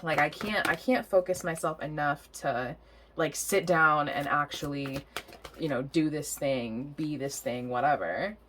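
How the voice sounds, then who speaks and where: Chatty, low-voiced woman reading tarot. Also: measured pace, fairly bright tone, slight background noise. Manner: chatty, rambling, laughs often, swears casually. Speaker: tarot reader.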